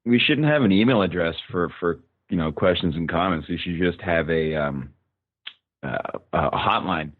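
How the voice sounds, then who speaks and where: Young male co-host, very low voice, dry close mic, joking, halting delivery. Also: no room sound, phone-quality sound. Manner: joking, halting with many restarts. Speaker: podcast co-host. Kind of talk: casual chat.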